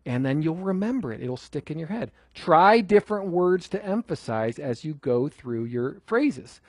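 A man's voice: a little high, big pitch swings, moderate pace, darkish tone, breathy edge, dry recording. A man teaching a group how to memorize Scripture in a conversational way, asking questions and repeating phrases for emphasis. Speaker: Bible teacher.

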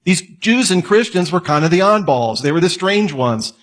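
Guy lecturing casually, husky and a bit high, lots of questions to the listener. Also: expressive, normal speed. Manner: conversational, asks the listener questions, joking asides. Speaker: apologetics teacher. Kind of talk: lecture on evidence.

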